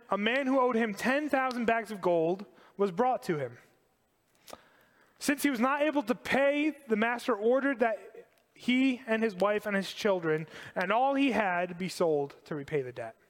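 A man preaching a sermon to a congregation, animated and emphatic, repeating key phrases. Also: extremely high pitch, long reverb tail. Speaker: pastor.

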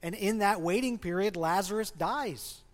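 A man's voice: sits high, moderate pace. A man preaching a sermon as a pastor in a church, speaking conversationally and asking the congregation questions. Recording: long reverb of a large hall.

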